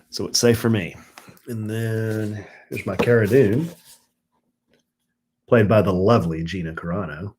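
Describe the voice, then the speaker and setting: Unhurried and pausing often, this middle-aged man has a darkish tone as he chats with viewers on a casual home live stream. When he rants he turns exasperated and high-pitched. Slight background noise is present.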